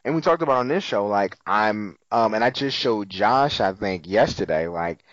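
A man tells a TV episode's story in casual podcast chat, acting out the characters' lines. His pitch swings widely as he talks. The sound is dry and a bit dull and lo-fi. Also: normal speed, no room sound. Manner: animated storytelling, acting out quotes, swearing. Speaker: podcast co-host.

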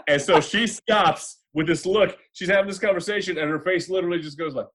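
A man co-hosting a casual movie podcast, telling stories with animated energy and acting out the people he quotes. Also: sits high, fairly quick. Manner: animated storyteller, acts out quoted voices. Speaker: podcast co-host. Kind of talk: casual movie chat and storytelling.

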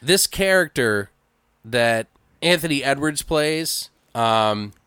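Man, podcast host, smooth clear voice, dry close sound, rambling casual chat. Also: medium pitch, lively intonation, slow pace, sharp tone, no room sound. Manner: rambling retelling full of fillers and swearing.

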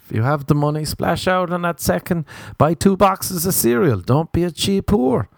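A man's voice: sits high, animated, moderate pace, gravelly, no echo. A young Irish man doing a rambling, sarcastic, self-mocking comedic monologue. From Ireland.

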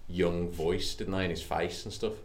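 A man's voice: low voice, steady tone, normal speed. A man co-hosting a podcast, chatting loosely with lots of swearing and jokes. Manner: loose, sweary, jokey banter. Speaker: podcast co-host. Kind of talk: casual chat. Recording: roomy echo.

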